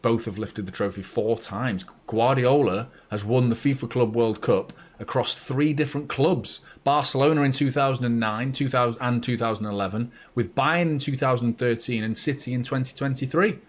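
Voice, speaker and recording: A man hosting a live match watchalong, chatty and blunt, bursting into excited shouts when his team scores. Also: mid-range voice, moderate pace, few pauses. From north of England. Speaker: fan channel host.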